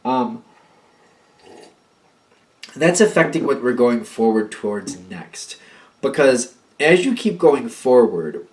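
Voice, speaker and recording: A man's voice: medium pitch, very animated, slow, pauses often, darkish tone. A man giving a casual tarot reading to camera, talking in a hesitant way, often repeating words and using fillers. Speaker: tarot reader.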